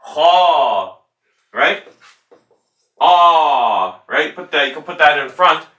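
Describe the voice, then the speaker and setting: A male Quran recitation teacher giving a tajweed lesson, patiently demonstrating letter sounds slowly and repeating them. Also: on the high side, pushed and bright. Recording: roomy sound from a distant mic.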